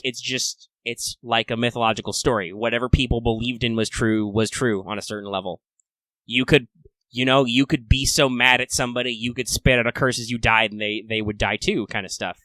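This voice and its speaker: A man with a bright, forward voice co-hosts a casual fan podcast. He talks in a chatty, playful way, breaking into excited little asides. The sound is dry and close, with no room around it. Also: medium pitch, brisk, dry recording. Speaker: podcast co-host.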